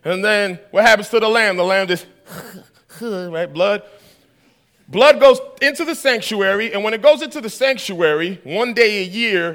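A man's voice: sits high, fairly bright tone. A man preaching a sermon, telling a story with acted-out dialogue and asking the audience questions.

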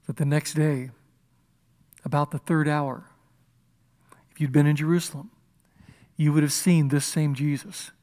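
A man preaching a sermon with passion, moving between loud declarations and hushed, intimate passages. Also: a little high. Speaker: pastor.

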